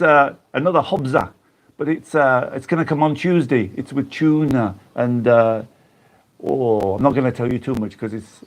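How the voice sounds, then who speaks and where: An English man hosting a casual live-stream chat, greeting viewers by name and laughing often as he chats. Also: mid-range voice. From England. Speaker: YouTube host reading live chat.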